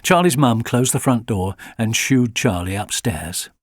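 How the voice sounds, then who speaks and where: A man giving an expressive audiobook reading of a children's story. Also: mid-range voice, a little slow, no room sound, clean studio sound. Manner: lively and expressive. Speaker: audiobook narrator.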